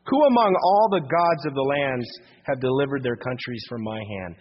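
A man preaching verse by verse, reading the scripture and then putting it into plain modern words. His voice is a bit husky, and it sits in a long, ringing reverb. The whole thing sounds like an older, muffled radio broadcast. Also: mid-range voice, animated, unhurried. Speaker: pastor. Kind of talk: verse-by-verse Bible teaching.

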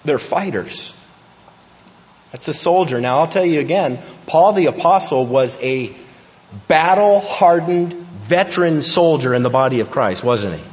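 A male pastor delivers a sermon with a slightly higher voice, swinging between hushed, reflective lines and rousing emphasis. His voice rings with long reverb through a large church. The recording sounds muffled and lo-fi. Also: lively intonation, unhurried. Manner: preaching, rising to emphatic intensity. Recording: echoey hall, dull lo-fi sound.

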